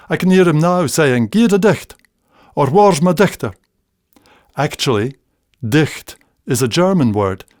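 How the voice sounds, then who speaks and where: A man reads his script slowly and without rush, at an ordinary middle pitch. The sound is close and dry, with no room around it. He tells it in a measured, gently humorous storytelling way. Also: no echo. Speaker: narrator. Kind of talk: scripted narration.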